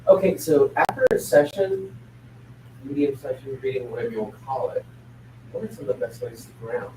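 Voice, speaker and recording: A man's voice: medium pitch, sing-song, brisk, dark tone. A man hosting, asking a casual question in a loose, offhand way. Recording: echoey room, distant mic, faint noise.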